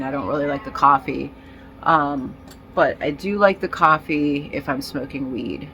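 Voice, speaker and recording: A woman talking in a casual personal vlog, rambling and halting with many fillers and restarts, in nicotine withdrawal and feeling disoriented. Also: low voice, a bit bright, slight background noise, low-quality recording. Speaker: vlogger.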